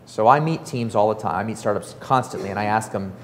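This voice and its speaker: A man giving a casual, animated talk to an audience, full of fillers and acted-out quotes. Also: on the low side, fast, big-room sound, slight background noise. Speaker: startup author and speaker.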